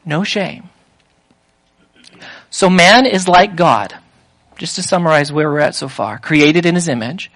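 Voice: medium pitch, unhurried, pauses often, fairly bright tone, low-quality recording. Emphatic preacher firing rhetorical questions. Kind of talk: sermon.

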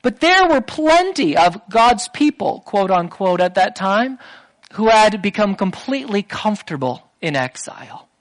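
A preacher giving a sermon at an unhurried, deliberate pace, with a mid-range voice. The delivery is emphatic, with key phrases repeated for weight. It builds toward raised intensity. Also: mid-range voice, very animated, poor audio.

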